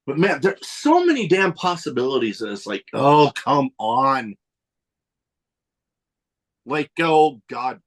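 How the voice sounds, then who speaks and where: Brief: man, casual podcast co-host, lively rising-falling delivery, slightly raised pitch, profane, a bit winded. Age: adult with nieces and nephew. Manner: animated, swearing, quick asides. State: a little winded. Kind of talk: casual chat.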